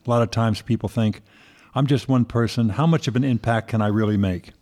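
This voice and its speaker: A man's voice: medium pitch, a little fast, a little mellow. A man co-hosting a podcast, chatting casually and joking easily. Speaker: podcast co-host.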